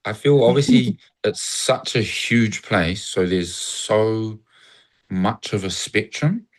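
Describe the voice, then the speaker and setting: A man with a lowish voice talks slowly as a guest in casual conversation. He is from New Zealand, has the accent, and rambles reflectively while acting out cheery greetings.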